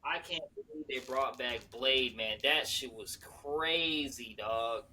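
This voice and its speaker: A man's voice: medium pitch, slow, pushed and bright. A man co-hosting a casual podcast, laid-back and profane, chiming in with short remarks. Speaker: podcast co-host. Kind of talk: casual chat.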